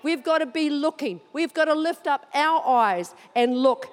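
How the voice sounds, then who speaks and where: A woman preaching, telling a personal story with animated, excited delivery. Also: high-pitched, a little slow, in a large hall.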